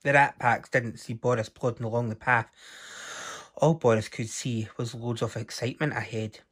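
A man reading a picture book aloud to children in an expressive storytelling voice. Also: mid-range voice, normal speed, slightly rough.

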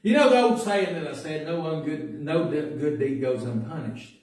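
A man preaching a sermon as pastor, telling folksy stories that build to loud preaching. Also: on the high side, normal speed. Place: church sanctuary. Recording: echoey church recording from a distance.

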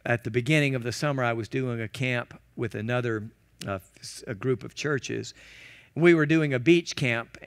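A man preaching a sermon as a guest pastor, animated and acting out quoted prayers and shouts. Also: mid-range voice, normal speed, clean tone. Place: church.

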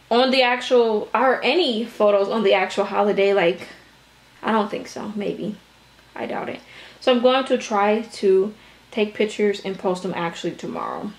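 Chatty, breathless young woman vlogger. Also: fairly high pitch. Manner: rambling, chatty. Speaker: doll-collecting vlogger. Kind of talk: casual vlog chat. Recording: echoey room.

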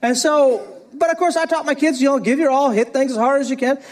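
A middle-aged male pastor preaching a sermon, telling a story in a lively way and often laughing. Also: very high voice, brisk.

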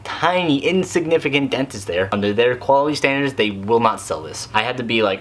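A man's voice: mid-range voice, lively intonation, brisk, few pauses. A young man reviewing a cosplay mask on camera, chatty and rambling with lots of fillers. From Canada. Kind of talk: casual product review.

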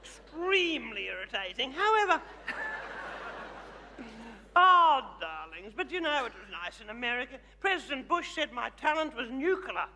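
In a live stage comedy show, a man plays a flamboyant older Australian woman who sees herself as a glamorous megastar, teasing the audience with theatrical endearments. His heavily acted voice is extremely high and sing-song at a measured pace. The live theatre recording has long reverb and a loud crowd.

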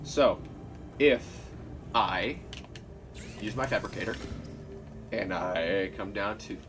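A man's voice: on the low side, slow. A man hosting a let's play, chatting playfully through casual gaming commentary and talking to the creatures on screen. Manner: playful, chatty, gushes and talks to game creatures. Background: game music.

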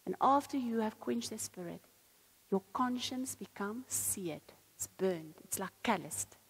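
A woman preaches with a husky, slightly breathy voice. She reads scripture aloud and then unpacks it with earnest conviction. Her words ring out with a long reverb, as in a large hall. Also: mid-range voice, a little mellow. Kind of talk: sermon.

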